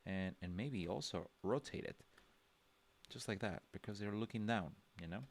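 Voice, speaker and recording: Man, deep gravelly voice, laid-back drawing teacher on a livestream, full of ums and restarts. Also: normal speed. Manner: relaxed, thinking aloud with many fillers and restarts. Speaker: drawing instructor. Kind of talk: casual livestream drawing lesson.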